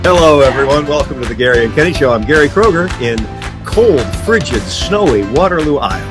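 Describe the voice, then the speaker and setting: A man's voice: on the high side, lively intonation, a little fast, over music. A middle-aged man hosting a podcast in casual, teasing chat. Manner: chatty, teasing. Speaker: podcast host.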